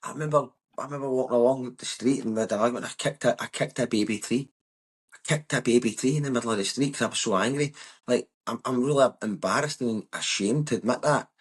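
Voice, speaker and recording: A man's voice: mid-range voice, fast, breathy edge. A Scottish man in his thirties with a West of Scotland accent, a comedian guest talking candidly, bluntly and emphatically, with frequent swearing. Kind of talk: candid conversation.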